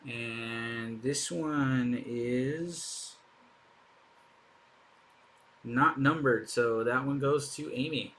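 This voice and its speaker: A man's voice: mid-range voice, fairly even intonation, very slow, pauses often, fairly bright tone. A man hosting a live card break, chatting in an upbeat way as he opens packs and thinks aloud. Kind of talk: casual live commentary while opening packs.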